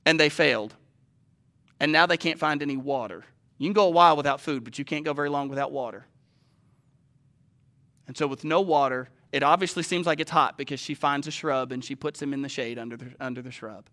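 A man preaching a sermon in a conversational way, asking his listeners questions and swinging from loud urgency to slow, hushed reading. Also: mid-range voice.

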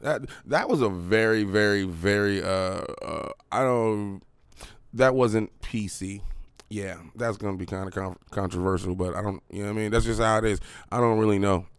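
Young male podcast host, deep and dry, rambling and swearing freely. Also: normal speed, clean tone, no room sound. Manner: profane, rambling, full of fillers and restarts. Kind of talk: casual podcast rant.

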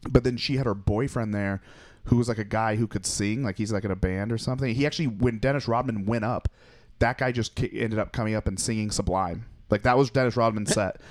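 Speaking fairly quickly with a fairly low pitch, a young comedian chats casually and spins loose stories. He imitates people in laughing voices and curses freely.

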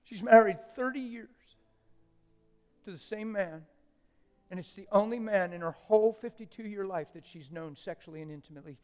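A man preaching a sermon, dropping to hushed whispers and rising to loud, emotional exclamations. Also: sits high, normal speed. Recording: long hall reverb with faint music.

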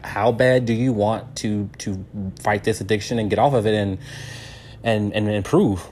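A man in his late thirties telling a story in a casual monologue, animated and repeating his words often. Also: fairly low pitch, normal speed, slight background noise. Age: 30s. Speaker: advice talker.

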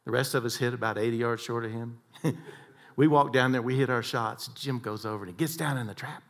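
Male speaker, inspirational storytelling, animated, mid-pitched, moves between quiet and loud. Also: brisk.

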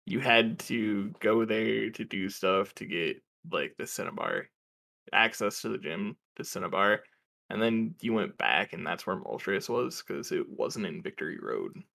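A man's voice: lowish voice, unhurried, vocal fry, sharp tone. A man co-hosting a podcast, casually explaining video game trivia. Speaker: podcast co-host. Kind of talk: casual chat.

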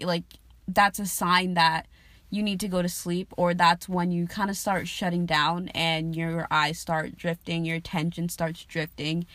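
A woman's voice: on the low side, fairly bright tone, dry recording. A young woman hosting a casual solo podcast, rambling and swearing freely, laughing often and losing her train of thought. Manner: chatty, profane, laughs often, trails off mid-sentence. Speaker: podcast host.

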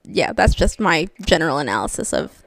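A woman's voice: sits low, very animated, brisk, gravelly, no room sound, studio quality. A young woman co-hosting a casual podcast, chatty and upbeat, often laughing as she talks. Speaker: podcast co-host.

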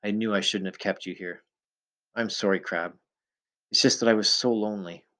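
Gentle, sensible backwoods woman, quiet and soft; a male audiobook reader voicing her. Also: lowish voice, fairly even intonation, moderate pace, lightly acted. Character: lonely, gentle, sensible woman living in the wild.

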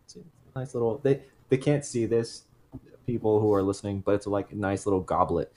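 A man's voice: on the low side, brisk, dark tone. A man co-hosting a casual podcast, telling a true case in a rambling way that stops to correct itself and throw in jokey asides.

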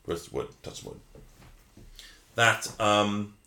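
A man's voice: fairly low pitch, very slow, sharp tone, echoey room. A tipsy man from the United States co-hosting a podcast, chatting in a rambling way and correcting himself often, with an American accent. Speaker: podcast co-host. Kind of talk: casual chat.

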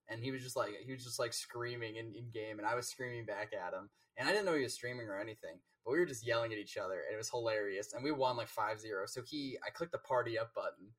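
A man's voice: medium pitch, quick pace, fairly bright tone, far from the mic. A man, a game coach, chatting casually as a guest and rambling through stories with many fillers and restarts. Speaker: Rocket League coach and guest. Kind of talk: casual interview chat.

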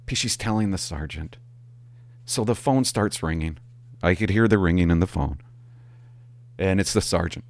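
A man's voice: sits low, moderate pace, pauses often, no room sound. A middle-aged man, a former police officer, telling stories to camera and acting out the people in them. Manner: animated, acts out quoted people. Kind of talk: storytelling vlog.

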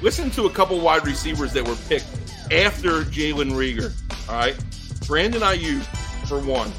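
Animated, argumentative male podcast co-host. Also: fairly high pitch, normal speed, over music. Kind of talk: casual sports podcast banter.

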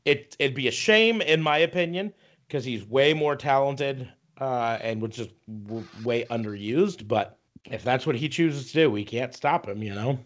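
A man co-hosting a casual wrestling podcast, ranting with a lot of swearing and halting restarts. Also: medium pitch, muffled recording. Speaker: podcast co-host.

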